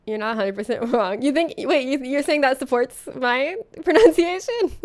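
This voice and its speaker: Chatty, high-voiced woman streamer from Florida. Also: expressive, moderate pace. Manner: chatty and playful, laughs often, reads chat aloud. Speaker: livestreamer. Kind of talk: casual chat reading viewer messages on a game stream.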